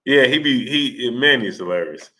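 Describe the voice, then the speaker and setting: This live stream host is a man with a medium-pitched voice at normal speed. He welcomes viewers, reads Super Chats, and narrates stories animatedly, laughing as he mimics other people's voices.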